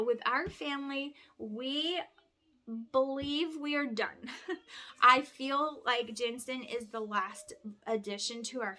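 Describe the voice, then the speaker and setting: A woman chats while folding laundry at home, rambling and restarting often. Her voice is bright and sits a bit high, and she sounds worn out from lack of sleep. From Alabama. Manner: chatty, rambling with many restarts and ums. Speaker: vlogger and homeschooling mother. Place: home, indoors.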